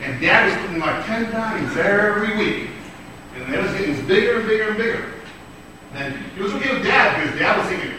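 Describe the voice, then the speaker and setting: A man teaches children at church, telling a story in a lively way and quizzing them. His voice is high and swoops widely, and the sound is echoey and distant, as if recorded from far back in a hall. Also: a little fast, noisy background. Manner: lively and questioning, acts out the characters.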